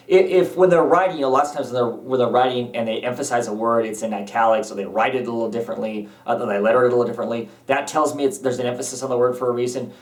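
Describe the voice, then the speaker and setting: A man giving a casual spoken review, rambling and hesitant, with many pauses and restarts as he thinks aloud. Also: mid-range voice, roomy sound, distant mic. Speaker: comic book reviewer.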